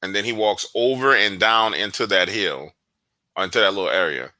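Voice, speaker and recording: A man recounting events in casual chat, slangy and animated, cursing freely. His low-set voice has a very bright, forceful edge. The sound is dry and close. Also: moderate pace, no room sound. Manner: animated storyteller, slangy, profane. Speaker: guest investigator. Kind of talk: casual podcast conversation.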